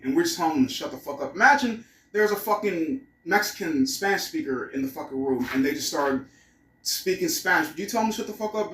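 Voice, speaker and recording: A man's voice: a little high, far from the mic. Rambling, cursing man in an echoey room. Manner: rambling, profane, musing aloud. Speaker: vlogger. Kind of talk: casual vlog monologue. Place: room at home.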